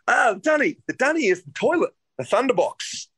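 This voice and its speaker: A man with an Australian accent, a guest musician chatting casually in an interview, playful and quick to laugh. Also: very high-pitched, breathy edge. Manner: laughs often, animated and playful.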